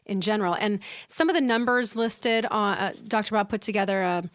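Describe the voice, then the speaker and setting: A woman's voice: mid-range voice, fairly quick, no echo, studio quality. A woman co-hosting a podcast in casual chat, talking earnestly and thinking aloud as she wraps up. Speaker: podcast co-host.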